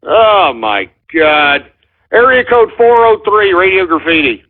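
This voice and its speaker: A man's voice: sits high, sing-song, slow pace. A man hosting a call-in radio show who swears a lot and rants in exasperation. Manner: profane, exasperated ranting. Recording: tinny phone-like audio.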